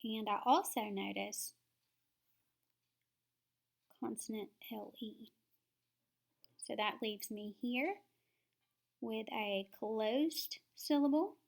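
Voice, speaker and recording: A woman teaching phonics, explaining each step slowly and sounding words out syllable by syllable. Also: fairly high pitch, creaky. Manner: slow, deliberate, sounding words out.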